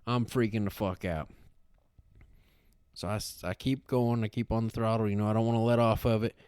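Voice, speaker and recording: A man rambles through a story in a casual podcast chat, swearing freely. His voice sits low and sounds smooth and clean. The sound is dry and close, with no room in it. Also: brisk, dry recording. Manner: rambling, profane, animated storyteller. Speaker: podcast co-host.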